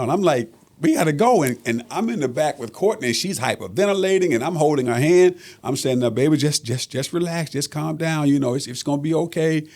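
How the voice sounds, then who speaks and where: Gravelly-voiced middle-aged man telling a story. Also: mid-range voice, darkish tone. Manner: earnest, repeats phrases, many "uh" fillers. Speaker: father of the guest. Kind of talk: storytelling on a podcast.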